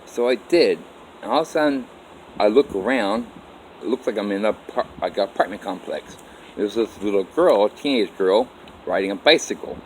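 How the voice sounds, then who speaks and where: A man with a fairly low voice tells his own life story in a loose, rambling way. He stops and restarts his sentences and acts out what people said with "I'm like." A faint hiss sits under his voice. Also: lively intonation, moderate pace, a little mellow, low-quality recording. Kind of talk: casual first-person life story.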